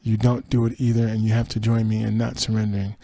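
Gravelly, husky man reading celebrity news. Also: fairly low pitch, completely flat delivery, fast, warm tone, no echo. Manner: reads quotes then adds dry sarcastic asides and laughs. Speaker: podcast host. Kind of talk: reading entertainment news with asides.

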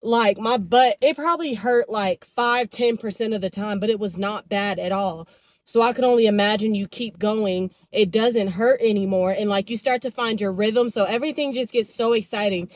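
A woman's voice: medium pitch, normal speed, no room sound. A young woman talks straight to her phone camera in a loose, chatty vlog style. She tells stories animatedly, slipping into quoted lines from her own conversations, recorded in her car and around her home. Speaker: vlogger. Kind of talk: casual vlog chat to camera.

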